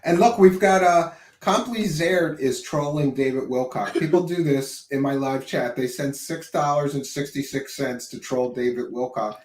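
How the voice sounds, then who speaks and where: A man's voice: mid-range voice, moderate pace, few pauses, a little mellow. A man hosting a podcast interview, joking and teasing his guest in casual chat. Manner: joking, teasing, playful asides. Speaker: host. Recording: echoey room.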